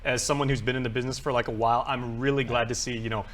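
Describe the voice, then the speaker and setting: Male studio host, rapid-fire and playful, casual interview. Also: mid-range voice, level tone, fairly bright tone. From Guam. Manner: upbeat, joking, quick-talking. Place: radio or TV studio.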